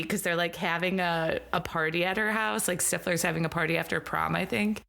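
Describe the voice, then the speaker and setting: A woman's voice: fairly low pitch, moderate pace, creaky, few pauses, fairly bright tone. A woman co-hosting a podcast, chatting casually with lots of filler words. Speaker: podcast co-host. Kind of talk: casual chat.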